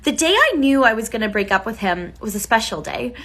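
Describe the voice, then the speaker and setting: Bright, wry woman telling a story. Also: a little high, sing-song, a little fast. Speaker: vlogger. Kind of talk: casual story time.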